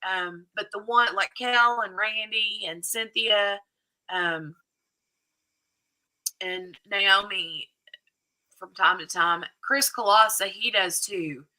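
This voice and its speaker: A woman's voice: medium pitch, takes it slowly, long pauses, sharp tone, low-quality recording. A woman hosting a casual craft livestream, chatting and thanking her viewers and moderators. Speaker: livestream host.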